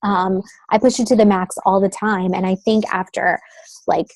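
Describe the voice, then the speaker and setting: A chatty woman in her thirties tells her story as an interview guest, her voice mellow and warm. She leans on "like" and "um" as she talks over a phone call, and the sound is dry and close, with no room around it. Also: mid-range voice, little pitch movement, moderate pace, no echo. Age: 30s. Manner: chatty, uses many fillers like "like" and "um". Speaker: guest, creative consultant.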